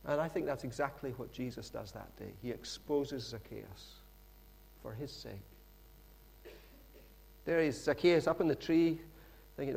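A middle-aged man preaching a sermon in a lively, conversational storytelling manner with frequent asides. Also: medium pitch, a little slow, vocal fry, pauses often, slightly rough.

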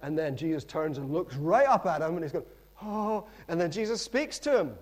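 A middle-aged man preaching a sermon in a lively, conversational storytelling manner with frequent asides. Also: on the high side, fairly quick.

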